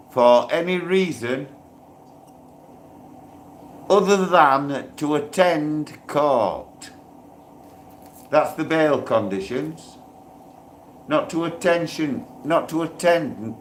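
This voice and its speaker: A man talks slowly and unhurriedly on a home livestream. He is in pain and rambles, and he turns loud and irate when he feels wronged. A faint hum of room noise sits behind him. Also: on the high side. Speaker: livestreaming channel host. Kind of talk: casual livestream talk.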